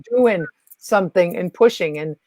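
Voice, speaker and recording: Calm reassuring woman guest, dry sound. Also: on the low side, moderate pace, no echo. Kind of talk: casual spiritual chat.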